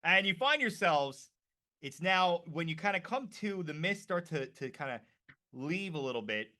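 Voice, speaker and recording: A man narrating scenes as a tabletop game master in a relaxed way, full of fillers. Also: a little high.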